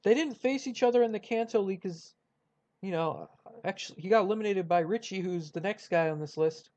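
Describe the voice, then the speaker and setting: A YouTuber ranking cartoon rivals talks through his list in casual commentary. He's a young man with a high, slightly mellow voice who speaks briskly, rambling with lots of fillers and restarts over lo-fi sound.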